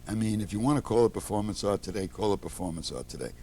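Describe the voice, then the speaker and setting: A man with a lowish voice, guest on a talk program, telling relaxed stories in an animated way. He slips into the voices of the people he quotes. There is a faint hiss behind him. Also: fast talker, vocal fry. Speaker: interview guest, theater producer. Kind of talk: relaxed anecdotal storytelling.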